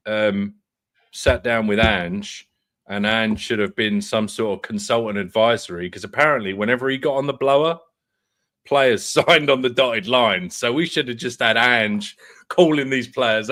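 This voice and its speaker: A man's voice: medium pitch, normal speed, fairly bright tone. A man co-hosting a casual fan chat show, laid-back and joking, sometimes hesitant. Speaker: co-host.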